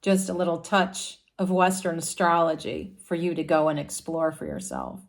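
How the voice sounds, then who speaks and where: A woman's voice: low-pitched, lively intonation, moderate pace. A woman explaining astrology casually, as a story about animal characters.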